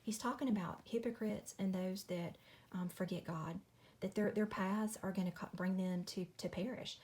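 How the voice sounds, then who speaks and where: A woman walks viewers through a Bible study in a relaxed home video. She talks in a chatty, apologetic way, peppering her explanations with y'all, at an ordinary middle pitch. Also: moderate pace. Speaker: Christian video host. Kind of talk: casual Bible study walkthrough. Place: home at night.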